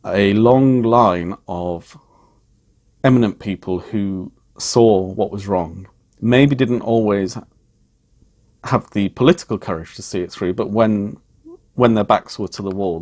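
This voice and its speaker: Thoughtful man, lowish voice. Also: a little mellow. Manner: measured and thoughtful, with frequent ums. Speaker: vlogger. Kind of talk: reflective personal vlog talk.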